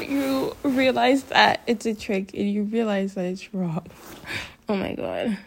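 A young woman vlogging at home, high and upset, rambling through a sweary confessional rant and laughing nervously between phrases. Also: slow pace, vocal fry, a little hiss or hum. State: upset, near tears. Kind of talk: casual confessional vlog rant. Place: home, indoors.

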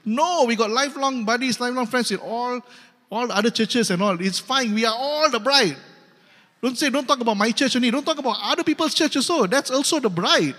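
A man's voice: very high voice, fairly quick, fairly bright tone. A male pastor with a Malaysian English accent preaching a sermon in an emphatic, repetitive, humorous way. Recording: long hall reverb.

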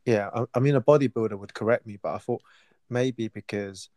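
A man's voice: fairly low pitch, brisk, darkish tone, no room sound, studio quality. A man interviewing a guest in casual chat, asking curious questions with hesitant fillers.

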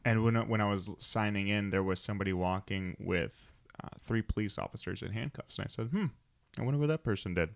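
Low-voiced man telling casual stories. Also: brisk, vocal fry. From United States. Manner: rambling storyteller, acts out quotes. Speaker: podcast co-host. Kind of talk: casual chat.

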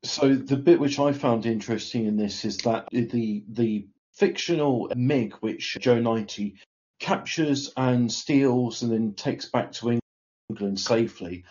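A man co-hosting a casual podcast, talking in a measured, reflective way with small stumbles. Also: mid-range voice, darkish tone. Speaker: podcast co-host. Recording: muffled lo-fi mic.

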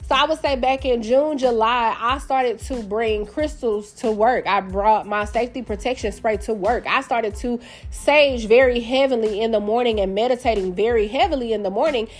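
A woman's voice: a little high, moderate pace, few pauses. A woman, hosting a podcast and telling a story in a candid, sassy, chatty way. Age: 30s. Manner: candid and sassy, addresses listeners as y'all and baby. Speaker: podcast host. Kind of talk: casual storytelling monologue. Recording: faint music in the background.

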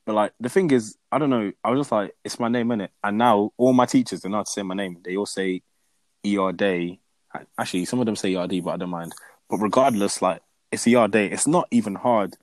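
Young brummie guy chatting, lowish voice, animated, trips over repeated words, dry close sound. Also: a little fast, dry recording. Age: young adult. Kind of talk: casual chat.

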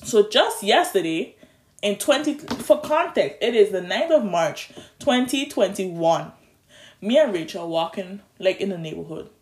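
A young adult, telling a long story in a casual, animated way, with restarts and stumbles, recorded on a phone. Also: medium pitch, a little slow, roomy sound. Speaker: vlogger.

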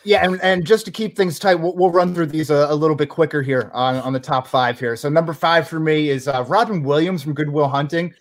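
A man's voice: fairly high pitch, a little fast, few pauses. A man co-hosting a podcast, easygoing and a bit hesitant, with lots of "uh" and "you know" in casual chat. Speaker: podcast co-host.

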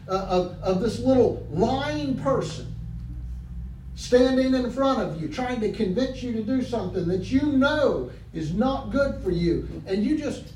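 A man preaching a sermon as pastor, trading calls and responses with his congregation and building up to shouts. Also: very high-pitched, recorded from a distance. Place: church sanctuary. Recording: echoey hall, mic from afar, faint noise.

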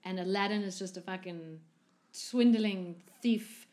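A young woman chatting casually, telling a story with lively asides and playful quoted voices. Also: mid-range voice, a little slow. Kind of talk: casual chat.

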